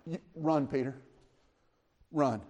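A man preaching a sermon, retelling scripture as a story, asking his listeners questions and lifting his voice when he speaks the disciples' lines. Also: slow pace. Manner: animated storytelling, voices the disciples' words with rising pitch; conversational, asks the listeners questions.

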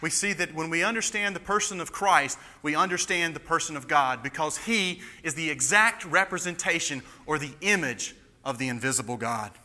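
A man's voice: a little high, normal speed, hardly any pauses, sharp tone. A man preaching an expository sermon, emphatic and building to fervent passion. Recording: long reverb of a large hall.

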